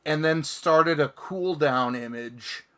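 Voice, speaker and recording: Slow-talking man hosting a comics show. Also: a little high, slight background noise. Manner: relaxed, reads viewer comments aloud. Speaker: podcast host. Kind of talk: casual chat.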